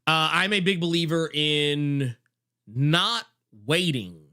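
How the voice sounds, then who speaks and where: A man's voice: a little high, animated, slow pace, bright, forceful tone, smooth. A man co-hosting a podcast over a video call, agreeing emphatically in casual chat with many stammered restarts. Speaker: podcast co-host.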